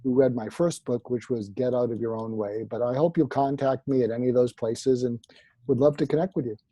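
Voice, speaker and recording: A man answers interview questions with animated stories, voicing the people he quotes. His voice is mellow and a little husky, recorded close and dry. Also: mid-range voice, a little fast, no echo. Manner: animated anecdotal storyteller, acts out quotes. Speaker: psychiatrist guest.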